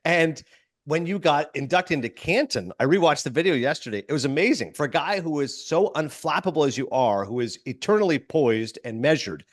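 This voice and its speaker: A man hosting an interview show, asking questions with eager enthusiasm. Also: a little high. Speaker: podcast host. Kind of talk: casual interview.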